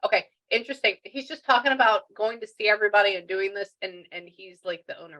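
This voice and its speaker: A woman medium talks through a reading with a bright, forward voice. She chats loosely, restarts her sentences and thinks aloud as she relays messages. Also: mid-range voice, quick pace, dull audio. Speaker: spiritual medium.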